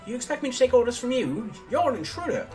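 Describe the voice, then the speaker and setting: Guy putting on a squeaky indignant kid king voice, bouncy pitch. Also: very animated, fast talker, darkish tone, soft background music. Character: indignant boy king, high and bossy.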